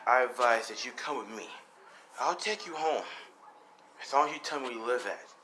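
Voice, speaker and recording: A man's voice: mid-range voice, moderate pace, pushed and bright, a little hiss or hum, close to an everyday voice. Guy doing a shady market dealer, fake nice, coaxing a kid along, fan story. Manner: falsely kind, coaxing. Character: fake-friendly male slave seller at a market.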